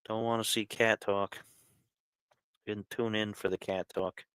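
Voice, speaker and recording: A man's voice: fairly low pitch, level tone, a little slow, fairly bright tone, clear, resonant tone, no room sound. A man hosting a casual live question stream from home, chatting and talking to his cat. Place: home, on a couch.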